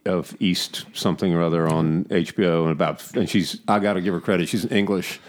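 Deep-voiced chatty male podcast host. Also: steady tone, brisk. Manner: chatty, teasing, rambling. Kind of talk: casual chat.

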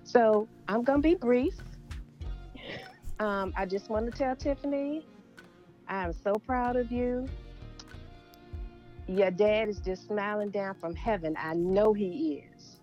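An older woman calls in to a live show. She speaks in a tender, heartfelt way, her voice sitting at an ordinary pitch. Faint music plays behind her. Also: slow pace, pauses often, dark tone, muffled recording. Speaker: caller, guest's mother. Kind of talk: phoned-in tribute.

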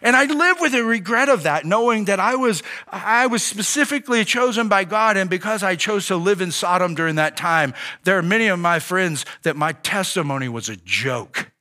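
A man's voice: high voice, expressive, bright, forceful tone. A man preaching a sermon as a pastor, telling his own story with many restarts and acting out dialogue with God. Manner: earnest, halting storytelling with many restarts and fillers; voices God and himself in quoted dialogue.

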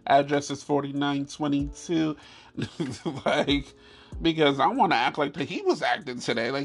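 Gravelly man telling stories with laughs. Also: mid-range voice. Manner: animated, laughing, swears freely, repeats phrases. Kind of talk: casual comedic storytelling.

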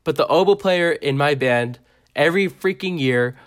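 A young man co-hosting a podcast, chatting casually and rambling through deadpan absurd jokes. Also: fairly high pitch, normal speed. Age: young adult. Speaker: podcast co-host. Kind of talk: casual comedic chat.

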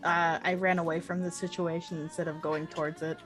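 A woman's voice: fairly low pitch, level tone, fairly quick, fairly bright tone, soft background music. A woman playing a tabletop game, earnest and a bit apologetic. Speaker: player.

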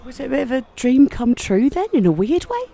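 A woman's voice: high-pitched, sing-song, fairly quick, gravelly, mellow. A woman hosting a podcast interview, enthusiastic and giggly, full of compliments for her guest. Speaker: podcast host.

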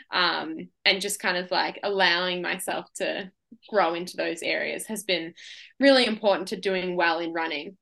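A woman's voice: on the low side, sharp tone. A woman in her twenties from Australia, a guest in an interview who chats casually, rambles freely and laughs often. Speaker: guest, ultra runner.

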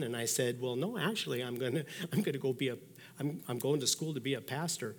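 A man's voice: medium pitch, moderate pace. A man in his sixties, a pastor giving a sermon, telling personal stories in a folksy way and acting out the thoughts he quotes. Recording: long reverb of a large hall.

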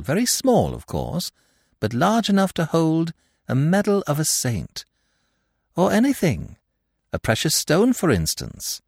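Brief: narrator voicing a smug gentleman thief, raised and lively voice, crowing and mocking, storybook read. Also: a little high, gravelly, dry recording, studio quality, voice pushed up, full character voice. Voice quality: taunting, theatrical, gleeful. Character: sly, mocking gentleman thief, adult man. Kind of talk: storybook reading.

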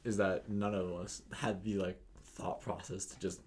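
A man's voice: low voice, flat delivery, measured pace, a little mellow, slight background noise. A young man co-hosting a casual podcast chat, swearing freely and laughing through his stories. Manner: crude, laughing, swearing storyteller. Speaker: podcast co-host.

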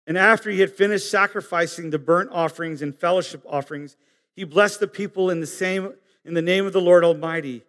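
A man preaching a sermon, earnest and halting, swinging from emphatic high peaks down to soft low asides. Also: long reverb tail. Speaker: pastor.

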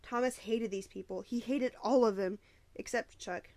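A woman narrating a novel aloud with steady storytelling and occasional small slips. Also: fairly high pitch, normal speed, no echo. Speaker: audiobook narrator.

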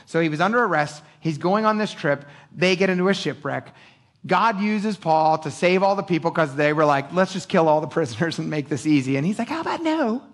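A middle-aged man preaching a sermon, animated and casual, joking and acting out voices. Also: on the high side, a little fast. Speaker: pastor.

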